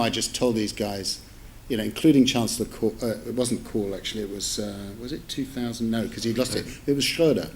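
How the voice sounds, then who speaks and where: With a little hiss or hum in the recording, a newspaper editor with a voice on the low side addresses an audience in a lecture theatre. This middle-aged man spins a chatty, rambling, amused anecdote, correcting himself and adding asides as he goes.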